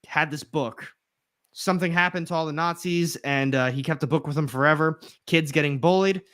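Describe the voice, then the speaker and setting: A man co-hosting a comic book livestream, talking in a relaxed, chatty way with trailing fillers. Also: fairly high pitch, moderate pace. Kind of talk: casual chat.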